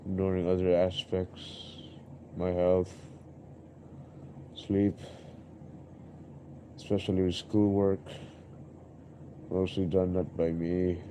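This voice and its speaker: A man's voice: low voice, little pitch movement, slow, long pauses, dark tone, slight background noise. A young man streaming live, rambling and musing aloud in an introspective way, often repeating himself.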